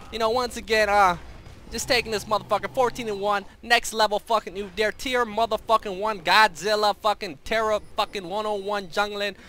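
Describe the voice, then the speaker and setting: A man's voice: high-pitched, bright, forceful tone. A young man giving brash, profane, boastful commentary over his own gameplay. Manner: brash, profane, trash-talking. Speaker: streamer. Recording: faint background noise.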